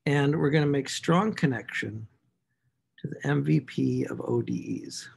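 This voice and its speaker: In a recorded lecture, a math instructor with a gravelly, breathy, mid-range voice works through equations at a measured pace. He speaks to himself as he writes, giving key words animated stress.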